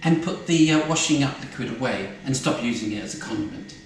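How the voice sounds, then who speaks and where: A man's voice: medium pitch, animated, fast, slight background noise, natural voice. A man playing a bossy, posh lady cook in a comic cooking show, teasing and camp, calling everyone darling. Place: home kitchen. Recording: echoey kitchen with loud frying sizzle.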